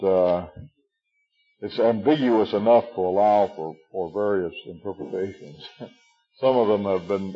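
A man in his sixties teaching a relaxed Bible study, halting with many fillers and chuckling at his own jokes. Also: low-pitched, breathy edge, muffled recording. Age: 60s.

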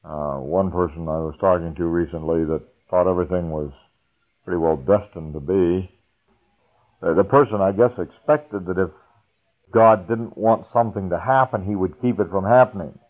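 A man preaching a folksy, unhurried sermon, chuckling now and then. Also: deep voice. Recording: tinny phone-like radio broadcast.

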